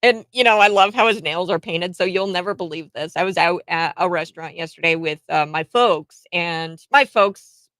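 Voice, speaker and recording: A woman's voice: on the low side, normal speed, a bit bright, no room sound. Woman commentary host, rural US upbringing, sarcastic and chatty, dry close recording. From rural United States. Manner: chatty, sarcastic, laughs often. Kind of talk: opinionated commentary.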